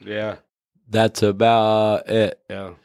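A man's voice: lowish voice, little pitch movement, takes it slowly, darkish tone, smooth, dry recording, clean studio sound. A man co-hosting a podcast, chiming in with short laid-back remarks in casual chat. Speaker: podcast co-host.

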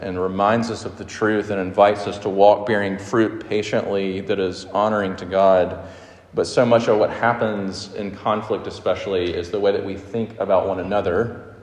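A man's voice: lowish voice, a little mellow. A man, preaching a sermon as pastor in a conversational storytelling way. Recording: roomy echo with long reverb.

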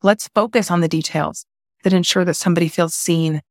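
A woman's voice: fairly low pitch, steady tone, brisk, darkish tone, no echo, clean studio sound. A woman hosting a solo podcast who talks passionately and candidly to her listeners, swearing casually as she gets fired up. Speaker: podcast host.

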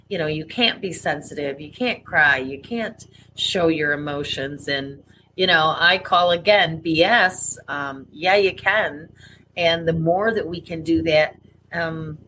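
A woman co-hosting a casual podcast, speaking emphatically and bluntly with plenty of fillers. Her voice sits fairly low but sounds bright and forceful. A faint hiss lies under the recording. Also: rough recording. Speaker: podcast co-host.

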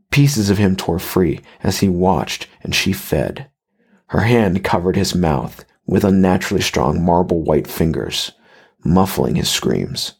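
A man reading a horror story aloud in measured, even scripted narration. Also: deep voice, gravelly, breathy edge.

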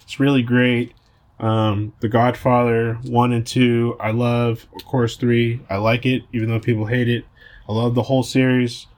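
A man's voice: medium pitch, level tone, measured pace, darkish tone. A man hosting a podcast, talking casually in a brash, boastful and profane way. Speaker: podcast host.

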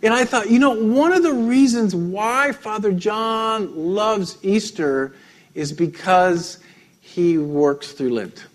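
A man, a pastor, preaching a sermon, telling stories with frequent light laughs and drops to a soft, intimate tone. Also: high-pitched, slow.

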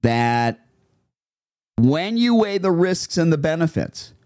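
A man's voice: on the high side, big pitch swings, slow, darkish tone, no echo, studio quality. A man hosting a dog-training podcast, talking emphatically and repeating phrases for effect. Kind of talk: podcast monologue.

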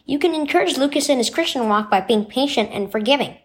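A woman voicing a patient mother who gently teaches her son in a devotional story. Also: high-pitched, lively intonation, fast talker, pitched above the performer's own voice. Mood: gentle. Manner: patient, instructive.

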